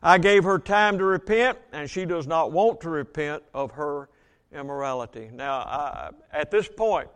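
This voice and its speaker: High-voiced preacher slowing for emphasis. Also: male voice, expressive, a bit bright, smooth. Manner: reads scripture aloud, slows for emphasis, asks congregation questions. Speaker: Baptist pastor. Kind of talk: sermon.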